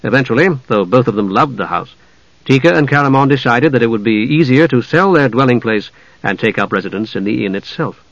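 A man narrating a fantasy audiobook in a measured, even delivery at a mid pitch. The recording is dry and close, with a slightly dull, band-limited tone. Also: dry recording. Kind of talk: scripted narration.

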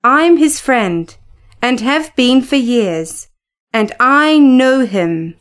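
A woman's voice: high voice, animated, extremely slow, heavily acted. A woman reading aloud as a proud young woman who scolds and teases with a knowing edge. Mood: scolding. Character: proud young woman, sharp-tongued friend.

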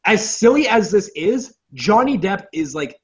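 A man's voice: high-pitched, big pitch swings, measured pace. A young man co-hosting a casual movie podcast, rambling and profane, laughing often. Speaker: podcast co-host. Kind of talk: casual movie review chat. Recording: dull lo-fi audio.

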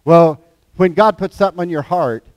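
A man's voice: fairly high pitch, moderate pace, darkish tone, no echo. A man preaching a conversational sermon in a folksy, plain-spoken way, mixing scripture readings with everyday examples.

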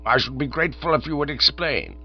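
A man's voice: a little high, fairly quick, slightly rough, voice pushed up. A man doing a stiff, outraged old duke. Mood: stiffly polite. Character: indignant elderly English duke, stiffly formal. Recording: dull audiobook recording with mains hum.

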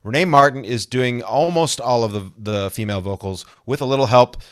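A man's voice: medium pitch, brisk, dry recording, studio quality. A man chatting as a podcast guest, rambling through asides and laughing often. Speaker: podcast guest, comedy songwriter. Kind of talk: casual interview chat.

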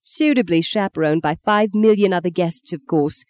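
A reader voicing Justine, a sharp-tongued, quick-tempered young actress, in an audiobook. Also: no echo, clean studio sound, lightly acted. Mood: teasing. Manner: high, indignant outbursts. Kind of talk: audiobook character voice.

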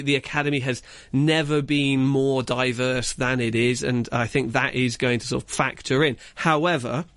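A man's voice: medium pitch, a bit bright, no echo. Rambling male film pundit, dry sound. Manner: rambling, lots of fillers and restarts. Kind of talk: casual radio chat. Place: radio studio. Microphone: studio microphone.

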